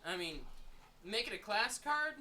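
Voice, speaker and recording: A man running a tabletop role-playing game, chatting casually and then narrating the story with frequent ums and pauses. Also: high-pitched, big pitch swings, pushed and bright, a little hiss or hum. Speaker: game master.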